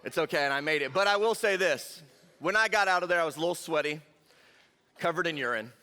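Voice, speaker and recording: A young man giving a lively, jokey youth sermon and talking straight to the crowd. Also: fairly high pitch, quick pace. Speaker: youth pastor. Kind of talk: energetic youth sermon storytelling. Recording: long hall reverb.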